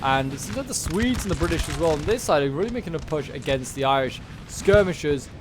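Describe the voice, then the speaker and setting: A man's voice: a little high, animated, fast, background noise. A man giving chatty play-by-play commentary on a strategy game battle, with wry asides. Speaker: gameplay commentator.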